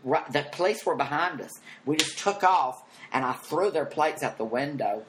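A man telling stories as an interview guest, animated and profane, acting out every quote. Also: fairly high pitch, normal speed, noisy background. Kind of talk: casual storytelling.

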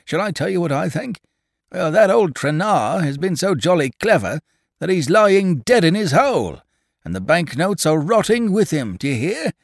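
A man voicing an excitable, stubborn old farmer who shouts his objections. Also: sits high, normal speed, vocal fry, dry recording, studio quality, pitched above the performer's own voice, heavily acted. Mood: agitated. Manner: shouting, insistent.

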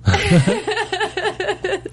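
A man's voice: very high-pitched, wildly swooping pitch, very slow, a little hiss or hum. A man hosting an interview, chatty and upbeat, laughing often. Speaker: interview host. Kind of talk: casual interview chat.

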